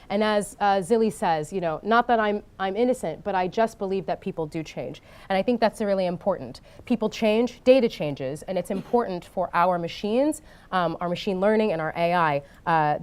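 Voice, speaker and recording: Woman giving a conference talk, full of ums. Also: fairly low pitch. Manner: frequent ums and uhs, animated when telling anecdotes. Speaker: conference speaker. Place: conference stage before an audience.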